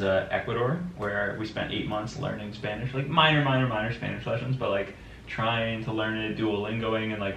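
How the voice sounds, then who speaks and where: A man with a fairly low voice tells stories in relaxed conversation. He gets animated as he acts out other people's lines. The sound is roomy and set back from the mic, with a faint hum behind. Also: distant mic. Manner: animated storyteller, quotes people in lively voices. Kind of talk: casual chat.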